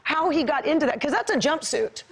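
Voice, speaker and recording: A woman's voice: sits high, expressive, brisk, very noisy. A woman in her forties, a guest on a talk show, chatting in a bubbly, gushing way with frequent laughter. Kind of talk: casual chat. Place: TV studio with audience.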